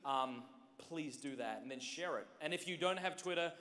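A man with a high, bright, forceful voice gives an energetic talk to a big crowd. He jokes and keeps turning to the listeners. His voice carries a long echo around the hall. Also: moderate pace. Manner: joking, direct, keeps addressing the audience. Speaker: youth conference speaker. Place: large conference hall with an audience.

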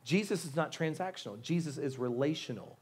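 Man, pastor, sermon, fairly high pitch, conversational, stammering restarts, pleading, joking asides. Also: expressive, brisk, husky. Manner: casual slang, joking asides.

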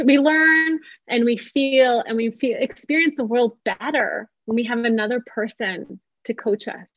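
A woman psychotherapist giving an online parenting workshop over a video call, talking casually and acting out what parents say. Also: a little high. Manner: warm, chatty, acts out parents' quotes. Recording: dry, slightly dull video-call audio.

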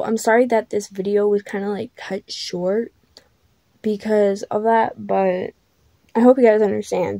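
Young woman chatting, drawl, mellow. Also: mid-range voice, no echo. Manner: chatty, lots of "like" fillers, blunt swearing. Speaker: vlogger. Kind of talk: casual storytime vlog.

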